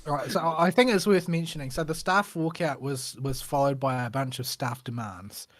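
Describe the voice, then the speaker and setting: A man's voice: mid-range voice, normal speed, no echo. A man co-hosting a casual gaming chat show, blunt and opinionated, often hesitating with fillers. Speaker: podcast co-host.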